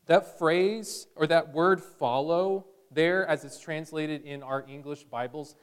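A man's voice: fairly high pitch, slow pace, clean tone. A male pastor preaching a sermon in a conversational way, with bursts of energy.

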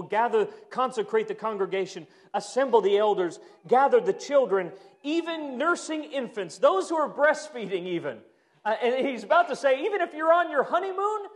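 A man preaching a sermon as a pastor, moving from loud emphatic bursts to hushed, quiet lines. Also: sits high. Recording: long hall reverb.

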